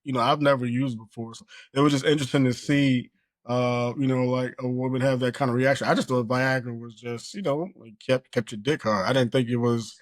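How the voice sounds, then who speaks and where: A man's voice: mid-range voice, steady tone, fairly quick, no echo. A man co-hosting a podcast, talking earnestly and reflectively, with lots of "you know" and "like". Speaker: podcast co-host. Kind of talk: casual chat.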